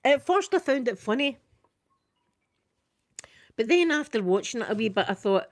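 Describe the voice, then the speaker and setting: A Scottish woman chatting casually through a makeup ASMR video, quick and soft-spoken with frequent laughter. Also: a little high, lively intonation. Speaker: ASMR creator doing makeup.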